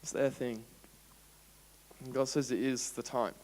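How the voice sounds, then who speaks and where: An Australian man preaching a sermon as pastor, animated and playful, acting out everyday scenes. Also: mid-range voice, measured pace. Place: church auditorium. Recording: long church hall reverb.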